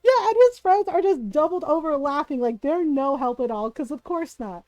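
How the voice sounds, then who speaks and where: A woman streamer telling a funny family story in casual chat, animated and laughing often. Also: high-pitched, normal speed, dry recording, rough recording. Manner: animated, laughing often, tags lines with "right?".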